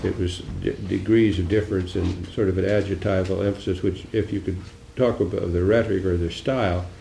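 A man's voice: low-pitched, steady tone, brisk, gravelly, mellow, roomy sound, slight background noise. An older man, a senator, giving a musing political talk with dry, wry humor and taking audience questions.

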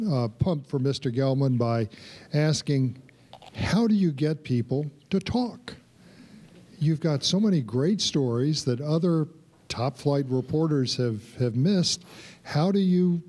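A man's voice: a little high, dark tone. Casual man moderating questions. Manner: casual, with many filler "uh"s and repeated words. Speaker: moderator of the book talk. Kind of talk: hosting audience questions.

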